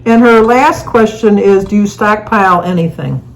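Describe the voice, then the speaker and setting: A woman's voice: medium pitch, moderate pace, rough recording. Older woman, rambling chatty storyteller. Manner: rambling storyteller, laughs through stories. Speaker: co-host. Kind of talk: casual chat answering viewer questions.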